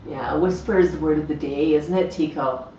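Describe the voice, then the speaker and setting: A woman with a low, dark voice hosts a casual livestream from a home room with her parrots, talking to the birds and explaining their habits. She speaks at a moderate pace. The lo-fi audio is echoey and slightly dull, with a little hiss or hum.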